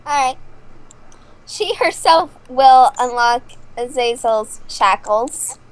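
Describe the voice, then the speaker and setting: A woman playing a tabletop game who describes her character's actions in a measured way. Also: high voice, lively intonation, poor audio. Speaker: player.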